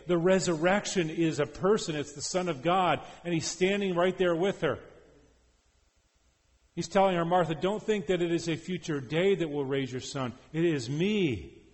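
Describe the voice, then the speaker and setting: Expressive preacher in a reverberant hall. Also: male voice, a little high. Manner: expressive, swings between loud emphasis and soft hushed passages. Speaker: preacher and professor. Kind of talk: sermon.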